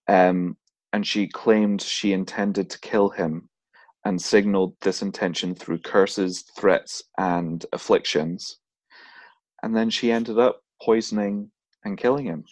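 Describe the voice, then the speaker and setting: The voice is a man's, fairly low and recorded close and dry with almost no room sound. He co-hosts a podcast, telling a folklore tale in a loose, chatty way and breaking into laughter and jokey voices. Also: darkish tone, dry recording. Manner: laughs often, acts out voices, swears casually. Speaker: podcast co-host. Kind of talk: casual storytelling chat.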